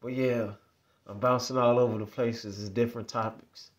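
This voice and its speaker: A man's voice: mid-range voice, steady tone, normal speed. Man vlogger, middle-range voice, loose rambling story talk. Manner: rambling, repetitive, conversational. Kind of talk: casual storytelling monologue.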